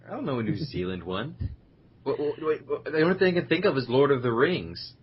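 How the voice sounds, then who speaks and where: A man co-hosting a gaming podcast, dry and teasing in his jabs. His voice is husky and lively in pitch. The sound is dull and lo-fi. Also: fairly quick. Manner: sarcastic, teasing. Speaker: podcast co-host. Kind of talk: casual gaming chat.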